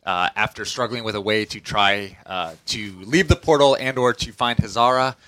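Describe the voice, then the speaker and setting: A man's voice: lowish voice, moderate pace, pushed and bright, rough recording. A man playing in a tabletop game, giving a casual recap of the last session with frequent "uh" fillers. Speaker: player.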